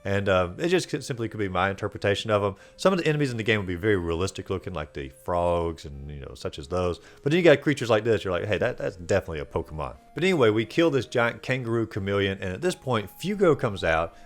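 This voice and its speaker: A man hosting a video game playthrough recap, talking in a casual, rambling way with lots of fillers. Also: fairly low pitch. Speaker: host.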